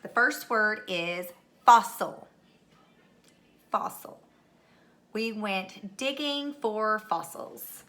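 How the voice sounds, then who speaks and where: Middle-aged woman teacher, bright tone, unhurried, patient dictation of spelling words. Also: mid-range voice, animated. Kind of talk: recorded spelling lesson. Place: home.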